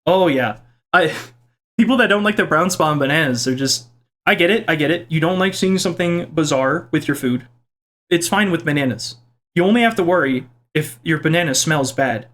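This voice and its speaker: A young man casually reading out and joking about viewer comments in his video, with a playful, self-mocking manner. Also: a bit bright. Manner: playful, self-mocking, quick swings in pitch. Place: home kitchen.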